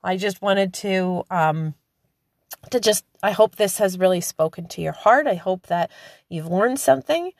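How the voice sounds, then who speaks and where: Middle-aged woman podcast host, heartfelt and fervent, mid-pitched voice, dry close mic. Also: expressive, a little slow, no echo. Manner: earnest, emotional, rising to fervent preaching. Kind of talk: devotional podcast talk.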